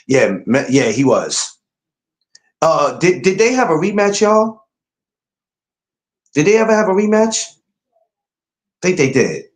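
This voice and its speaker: A man's voice: a little high, takes it slowly, pauses often, reverberant. A man hosting a podcast, talking boxing in a casual, emphatic way. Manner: animated, emphatic, rising to incredulous outbursts. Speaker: podcast host.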